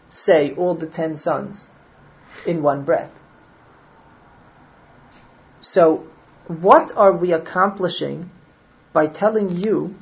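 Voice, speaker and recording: Low-voiced woman explaining Jewish law. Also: highs cut off. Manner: reasoning aloud, checks understanding with listeners.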